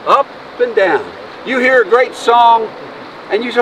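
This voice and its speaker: A man's voice: very high-pitched, expressive, a little slow, fairly bright tone. A man preaching an Easter sermon outdoors as pastor, folksy and emotional, joking with his congregation. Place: outdoors by a road. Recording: distant mic, faint noise.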